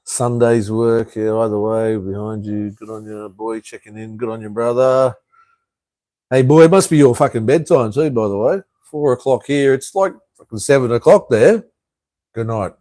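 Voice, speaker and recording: A middle-aged Australian man chats loosely through a live stream, answering viewers' comments in a laid-back way and swearing freely. His voice sits at an ordinary pitch, recorded dry and close with no room sound. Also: normal speed, mellow, no room sound. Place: home in Cambodia.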